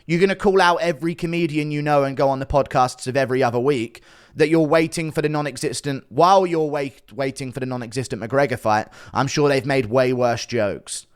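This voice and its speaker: A man's voice: mid-range voice, brisk, clean tone. A man ranting casually as an online commentator, defensive and sarcastic, swearing often. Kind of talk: casual rant to camera.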